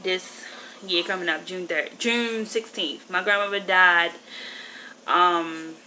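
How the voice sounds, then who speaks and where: Upset woman in her 20s vlogging, bright voice, rambly and emotional, a bit of faint noise behind. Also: fairly low pitch, fairly even intonation, slow pace, low-quality recording. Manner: rambling, emotional, self-correcting. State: upset, grieving. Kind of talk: casual storytelling to camera.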